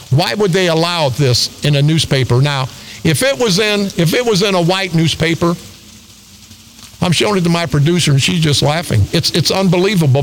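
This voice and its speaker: A man's voice: on the high side, fairly bright tone, a little hiss or hum, low-quality recording. An older man hosting talk radio, delivering an angry, combative, repetitive rant.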